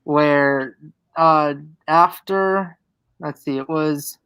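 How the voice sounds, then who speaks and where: A young man joins a live-stream chat as a guest and tells a story at an unhurried pace, stopping for ums and uhs. His voice sits a little high. The sound is close and dry, with no room around it. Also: a bit bright, smooth, no room sound, low-quality recording. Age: young adult. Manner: unhurried storyteller with many fillers.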